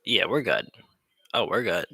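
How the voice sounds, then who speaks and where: A man's voice: on the low side, lively intonation, unhurried, pushed and bright, a little hiss or hum. A young man giving casual, rambling commentary on a live football game stream, joking and laughing often.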